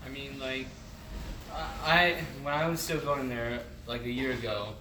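A man's voice: mid-range voice, measured pace. Hesitant young man, distant and echoey. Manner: hesitant, many "like" fillers and restarts. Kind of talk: casual testimony. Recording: distant echoey room with background noise.

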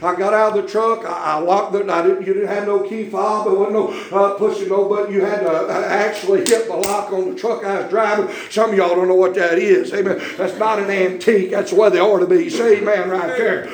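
A middle-aged man preaching a revival sermon, folksy and conversational, rising to shouted peaks. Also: high voice, fairly even intonation, a little fast, few pauses, echoey room. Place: church.

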